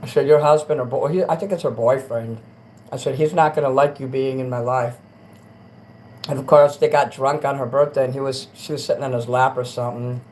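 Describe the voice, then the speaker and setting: A man's voice: mid-range voice, steady tone, fairly quick, rough recording. Crude livestream host, male, rambling delivery, faint hiss under the voice. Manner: rambling, crude, swings between mutters and loud rants. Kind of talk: casual late-night livestream chat.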